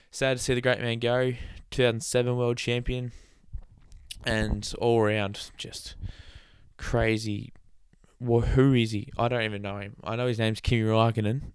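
Low, smooth-voiced man hosting a podcast. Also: no room sound, clean studio sound. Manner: rambling, chatty, laughs at his own jokes; sarcastic asides. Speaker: podcast host. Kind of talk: casual solo podcast chat.

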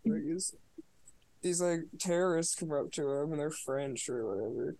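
A man's voice: on the high side, moderate pace, mellow, no room sound, poor audio. A man co-hosting a podcast, giving a casual movie review in a sarcastic, profane, mocking way. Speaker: podcast co-host.

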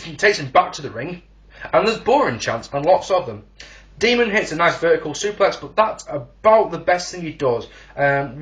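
Sarcastic male reviewer, lively swooping delivery, slightly high voice. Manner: sarcastic, profane, ranting. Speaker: wrestling reviewer. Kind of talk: sarcastic recorded show review.

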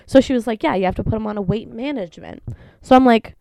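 In a dry recording, a young woman with a fairly high, gravelly voice speaks quickly while hosting a casual podcast on her own at home. She's sneezy with allergies but still tells her story with energy, swearing a bit and performing the quoted voices.

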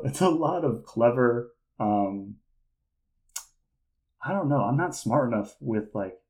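A man's voice: on the low side, poor audio. Rambling podcast host, a man. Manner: rambling, hesitant, many fillers and restarts; laughs often, gets excited. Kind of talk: casual chat.

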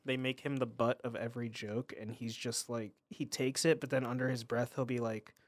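A man co-hosting a podcast, talking casually at a middling pitch. He stays animated and slips into little character voices when he retells scenes. The sound is dry and close, with no room around it. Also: normal speed, no room sound. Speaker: podcast co-host. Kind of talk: casual chat.

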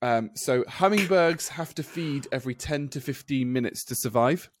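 A man's voice: medium pitch, normal speed, no echo. A man co-hosting a podcast, chatty as he reads out odd facts. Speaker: podcast co-host. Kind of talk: casual podcast chat. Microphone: podcast mic.

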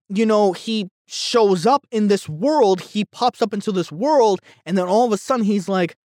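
A man's voice: sits high, moderate pace, few pauses, a little mellow, no room sound, clean studio sound. A man ranting casually about a movie, heated and rambling, with frequent stumbles and restarts. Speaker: movie reviewer.

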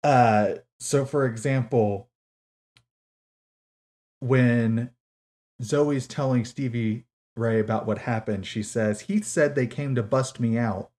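A woman's voice: very deep voice, slow, mellow. A woman co-hosting a podcast, casually picking apart a book with sarcastic, profane disbelief. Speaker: podcast co-host. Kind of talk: casual book-critique chat.

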